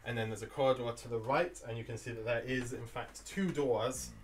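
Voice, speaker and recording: A man's voice: medium pitch, steady tone, fairly quick, distant mic, background noise. A man from England narrating as game master, describing scenes in a loose, rambling way with many fillers.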